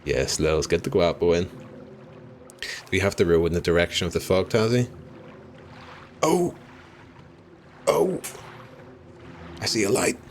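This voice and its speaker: A man's voice: low-pitched, animated, measured pace, gravelly, pauses often, a little hiss or hum. A young Irish man streaming a game live, chatting with viewers as he plays, laughing often and apologizing easily. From Ireland.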